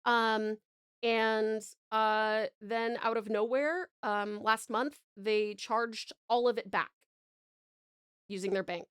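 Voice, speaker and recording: A woman's voice: fairly high pitch, steady tone, slow, clear, resonant tone, no room sound, studio quality. A woman, chatting on a live stream, gushing thanks with lots of swearing and restarts. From Tasmania, Australia.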